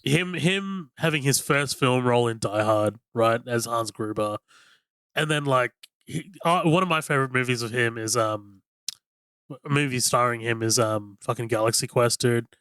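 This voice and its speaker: A man chats through a movie on a podcast, bubbling with enthusiasm and padding every thought with "like" and the odd curse. His voice is bright and forward. It is recorded dry on a close microphone. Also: mid-range voice, normal speed, smooth, dry recording. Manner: rambling and enthusiastic, heavy on "like" and swearing. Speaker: podcast co-host. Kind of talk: casual film-review chat.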